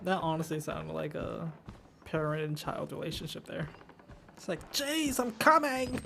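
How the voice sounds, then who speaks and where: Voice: medium pitch, completely flat delivery, moderate pace, gravelly, a little hiss or hum. A gamer giving let's play commentary, chatty and giggly, talking to viewers.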